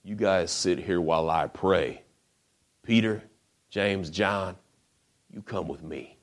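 A man voicing Jesus in a sermon retelling, speaking quietly and plainly in casual modern words. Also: sits low, slow. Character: Jesus, calm grown man, plainspoken and gentle.

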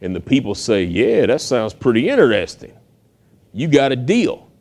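A man preaching a sermon, retelling a Bible story in lively, conversational storytelling and acting out the characters' voices. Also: medium pitch, normal speed. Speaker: pastor.

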